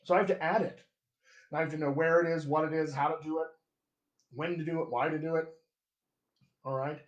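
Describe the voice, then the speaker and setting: A man with a General American accent, a dialect coach giving a chatty live accent lesson and repeating sample words slowly. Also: a little high, fairly even intonation, reverberant, lo-fi sound.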